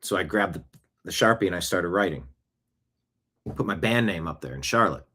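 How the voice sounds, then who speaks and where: A man's voice: deep voice, animated, normal speed, pushed and bright, slightly rough. A man hosting a show, chatting casually and animatedly through personal stories. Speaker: show host. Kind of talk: casual storytelling monologue.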